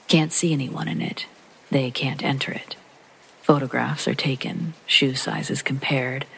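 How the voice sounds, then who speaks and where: A man narrating a first-person horror story in a calm, low-key reading that often sinks to a soft whisper, with rain behind him. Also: creaky, slightly rough, low-quality recording. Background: rain sounds.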